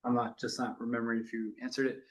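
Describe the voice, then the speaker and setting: A man's voice: mid-range voice, little pitch movement, fast. A man on a school board asking a hesitant, tentative question at a public meeting.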